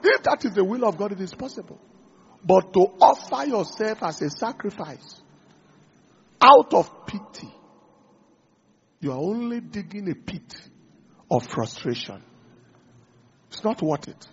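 A man preaching a sermon in an animated way, acting out small dialogues and asking the congregation questions. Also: high-pitched, a little slow, pauses often, slightly rough, dull audio. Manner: animated, acts out little dialogues, asks the audience questions.

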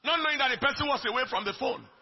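A man delivers a sermon in a high-pitched voice that is gravelly and deeply husky. His delivery is emphatic, swinging between soft lines and shouted ones. The recording is dull and lo-fi. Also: very fast. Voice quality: raspy, gravelly. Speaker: preacher.

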